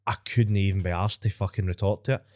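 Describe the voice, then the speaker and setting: A man's voice: low voice, fairly even intonation, fast talker, a little mellow. A man with a Scottish accent hosting a podcast in a studio, telling rambling, self-mocking stories with plenty of swearing. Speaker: podcast host. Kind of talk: casual podcast banter.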